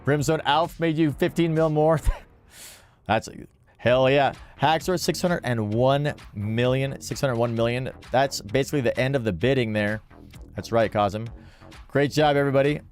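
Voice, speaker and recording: A man's voice: medium pitch, normal speed, smooth. Upbeat man calling live auction bids. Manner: upbeat, calls bids in repeated rhythmic auctioneer phrases. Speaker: livestream host running a charity-style auction. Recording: music playing faintly behind. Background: faint background music.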